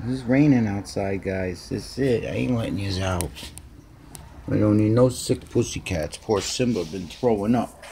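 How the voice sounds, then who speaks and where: A man's voice: fairly low pitch, measured pace, warm tone, slight background noise. A man chatting to his pet cats at home by a window, cooing baby talk at them. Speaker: cat owner filming his pets. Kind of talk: casual chat to his cats.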